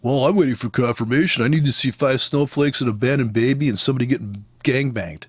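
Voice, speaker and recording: A whiny, overcautious trader fussing over signals, as a man mocks him. The voice is breathy and sneering, with a close, dry sound. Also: medium pitch, quick pace, no room sound, lightly acted. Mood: mocking. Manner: mocking, breathy.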